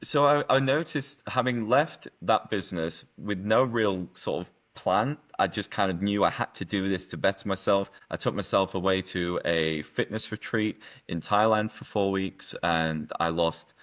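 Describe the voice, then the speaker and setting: Brief: middle-aged guest, low-pitched, earnest, emotional, restarts often. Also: male voice, moderate pace, hardly any pauses, fairly bright tone. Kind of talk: candid personal story.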